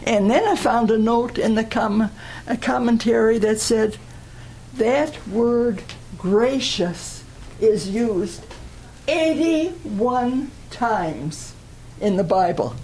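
An older woman speaks at a church gathering, telling a personal testimony in a slow, deliberate, earnest way. Her voice sits a bit high for a woman, and she takes her time over every phrase. Faint background noise hums under the recording. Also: warm tone, poor audio.

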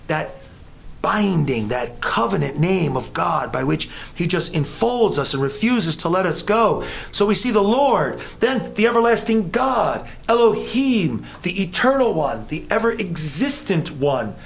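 A man preaching an evening sermon, animated, his voice climbing high as he voices questions to God. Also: a little slow, vocal fry. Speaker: pastor.

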